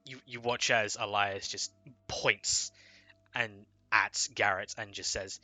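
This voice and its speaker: Male game master, slow measured narration, bright dry voice. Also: lowish voice, steady tone, no echo, soft background music.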